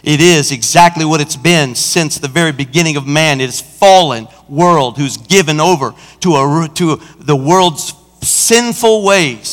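Male pastor mid-sermon, animated delivery, higher-pitched, recorded in a reverberant hall. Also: a little slow. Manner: animated preaching, acts out an anecdote. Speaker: senior pastor. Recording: church hall with long reverb.

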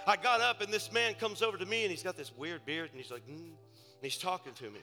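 High, bright-voiced preaching pastor. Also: male voice, a little fast. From Ohio, USA. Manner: storytelling, swings from hushed asides to shouted preaching. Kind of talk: sermon. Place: church sanctuary. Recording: church service with long reverb and faint music.

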